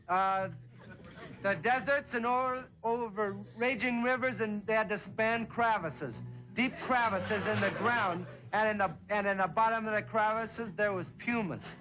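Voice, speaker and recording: A man's voice: very high voice, poor audio. A man telling a rambling, dim-witted story in a comedy folk song routine, on a 1960s TV stage. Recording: 1960s TV soundstage with loud guitar and audience.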